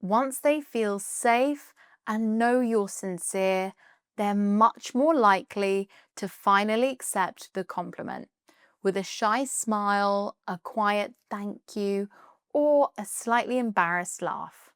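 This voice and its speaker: A British woman presenting a scripted English lesson, explaining clearly and reading out example phrases. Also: medium pitch, slow, no room sound, clean studio sound. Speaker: English teacher.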